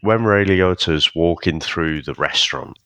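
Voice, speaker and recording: A man's voice: low voice, measured pace, pushed and bright, dry recording. A man co-hosting a podcast, chatting casually about films with laughs and mild swearing. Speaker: podcast co-host. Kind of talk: casual film chat.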